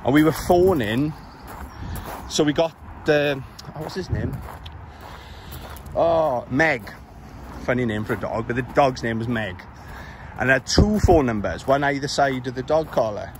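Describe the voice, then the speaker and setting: A man's voice: medium pitch, animated, a little slow, long pauses, slight background noise. Exasperated Welsh man rambling on a walk. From Wales. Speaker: vlogger. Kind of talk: casual storytelling while walking. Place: outdoors on suburban streets. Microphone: handheld camera while walking.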